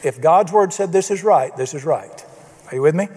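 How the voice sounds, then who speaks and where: A man's voice: a little high, lively intonation, normal speed, a little mellow, breathy edge. A man preaching a sermon, telling folksy stories and acting out the people he quotes. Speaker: pastor. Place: church sanctuary. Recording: long reverb of a church hall.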